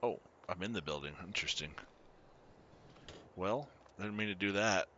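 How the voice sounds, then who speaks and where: A man giving casual commentary while streaming a farming game, chatty and quick to laugh as he greets his viewers. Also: low voice, pushed and bright, lo-fi sound, a little hiss or hum. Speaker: gaming streamer.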